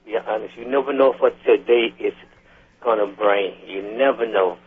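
A man's voice: fairly low pitch, normal speed. A man co-hosting a morning radio show, affirming the pastor and repeating phrases in a casual, churchy way. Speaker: guest co-host. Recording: muffled lo-fi radio broadcast.

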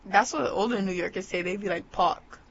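A woman's voice: medium pitch, fast talker, breathy edge. A young woman from New York, giggling and teasing in a casual chat as host. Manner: giggly, teasing, laughs often. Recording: slightly muffled with faint hiss.

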